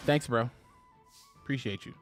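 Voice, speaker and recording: A man's voice: mid-range voice, normal speed, faint music behind. A man commentating live on his own card game play, chatty and laughing, talking to his viewers. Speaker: game streamer.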